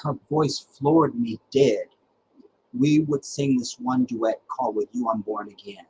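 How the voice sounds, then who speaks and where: A middle-aged man with a voice of ordinary pitch, hosting his own livestream and telling stories from his life. He talks in an animated, dramatic way and often stops and restarts a thought. Faint noise sits under his voice. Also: measured pace, poor audio. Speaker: livestream host. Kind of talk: casual personal storytelling.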